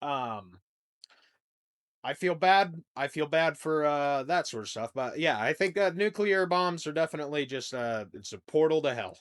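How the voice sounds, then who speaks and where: Young male podcast host, slightly raised pitch, rambling crude comic rant, jumps from shouting to muttering. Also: lively intonation, moderate pace. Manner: rambling, crude, swings between loud outbursts and mumbling. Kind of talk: comedic monologue rant.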